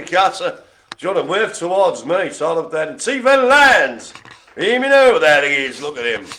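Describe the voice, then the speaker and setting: A man's voice: on the high side, pushed and bright, slight background noise. A man hosting a live bingo stream, teasing and cracking jokes. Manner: jokey, teasing banter. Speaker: bingo host.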